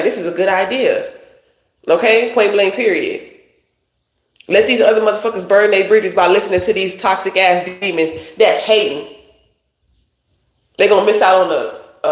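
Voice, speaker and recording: A tarot reader giving a casual livestream reading, talking bluntly in profane slang. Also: mid-range voice. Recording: roomy echo.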